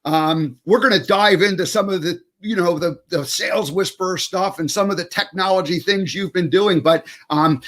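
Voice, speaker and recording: A man's voice: sits high, normal speed, few pauses, fairly bright tone. A man hosting a casual online talk show over a video call, rambling loosely with plenty of fillers and restarts. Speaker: show host.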